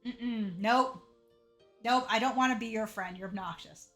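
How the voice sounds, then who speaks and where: A woman chats her way through a game in casual, jokey commentary, often laughing at herself. Her voice is high and bright, with soft music faint behind her. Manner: jokey and self-mocking, quick to laugh. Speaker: let's play streamer.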